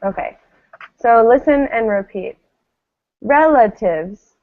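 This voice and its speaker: A fairly high-voiced woman leads a pronunciation class at an unhurried pace, stretching out each word so students can repeat it. Her voice comes through thin and tinny, like a phone line. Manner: slow, patient, models words for repetition. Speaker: English pronunciation teacher.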